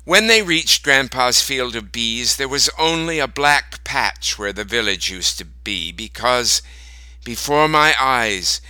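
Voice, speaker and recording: A man reading a short story aloud as narrator, slow and deliberate. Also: mid-range voice, lively intonation, sharp tone, smooth, dry recording, low-quality recording.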